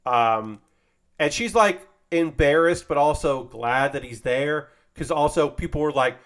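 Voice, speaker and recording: A man streaming while he builds a model kit, casually chatting and retelling an anime episode in a rambling, animated way. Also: on the high side, unhurried.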